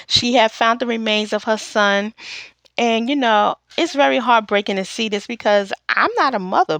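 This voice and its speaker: Chatty, animated woman reviewing a show. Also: a little high, no echo. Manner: chatty, animated, acts out characters' lines. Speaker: TV episode reviewer. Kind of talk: casual recap and commentary.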